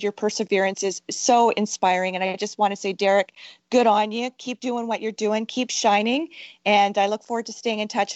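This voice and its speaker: A woman's voice: mid-range voice, no echo. A woman hosting a podcast interview, effusive and uplifting, speaking in long wordy sentences. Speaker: podcast host. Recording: dry, dull lo-fi audio.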